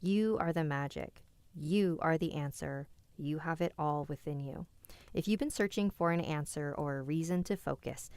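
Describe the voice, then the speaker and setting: A woman hosting a live stream, reading listener stories and chatting calmly with her chat. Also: low voice, smooth, no echo. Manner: calm, conversational reading with soft asides.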